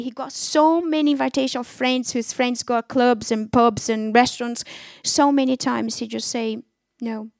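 Brief: woman, high voice, dry close sound, fervent testimony preaching, non-native English phrasing. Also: vocal fry, no room sound. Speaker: speaker giving her testimony. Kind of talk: testimony preaching to a young audience.

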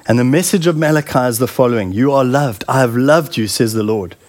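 A middle-aged man preaching a sermon in an earnest, heartfelt way, often pausing and repeating words. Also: mid-range voice, a little mellow.

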